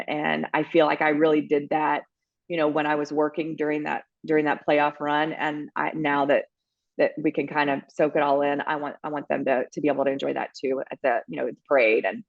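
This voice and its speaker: A woman's voice: sits low, vocal fry, dry recording, lo-fi sound. A woman co-hosting a podcast, telling stories in an emotional, chatty way. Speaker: podcast co-host. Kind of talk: casual chat.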